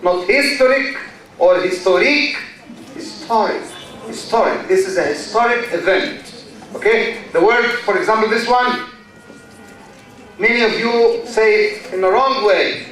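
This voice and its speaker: An Egyptian university lecturer teaches a class in a big hall, his voice echoing and captured from afar. It sits high with a slightly bright quality, and his slow delivery is full of repeated words and rapid questions to students.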